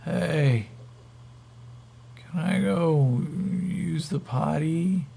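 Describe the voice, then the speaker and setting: A man's voice: fairly high pitch, extremely slow, gravelly, dark tone, slightly rough, voice pushed up, heavily acted. A man voicing a drugged, dazed male captive who talks in a goofy, drawling way.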